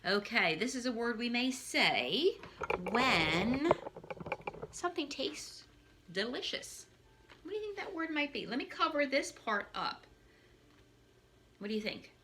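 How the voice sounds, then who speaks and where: A woman teacher giving a phonics lesson for young children from her living room, in an animated, sing-song way with playful asides. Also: on the high side, measured pace, long pauses, background noise. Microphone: camera on a stand.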